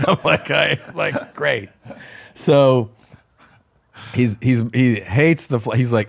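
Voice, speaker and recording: A man with a lowish voice tells a casual story in an animated way. He slips into quoted dialogue and laughs often. The talk is loose and chatty, full of "like". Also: measured pace, vocal fry. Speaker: guest comedian.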